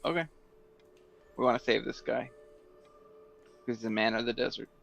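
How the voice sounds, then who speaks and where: A man's voice: medium pitch, moderate pace, creaky, fairly bright tone, faint music behind. A man playing a tabletop game, talking hesitantly as he works out his plans. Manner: hesitant, full of restarts. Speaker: player. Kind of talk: casual tabletop game chat. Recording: dull lo-fi mic.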